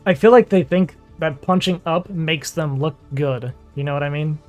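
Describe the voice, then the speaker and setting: A man's voice: a little high, moderate pace, faint music behind. A man who streams games, chatting casually, laughing often and trailing off with fillers. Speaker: streamer and game player. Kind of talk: casual chat.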